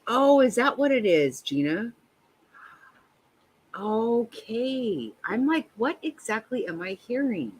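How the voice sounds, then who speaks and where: A woman's voice: on the low side, a bit bright, poor audio. A woman in her fifties hosting a livestream, chatting casually with viewers and giving blunt, profane reactions to a trial. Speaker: livestream host.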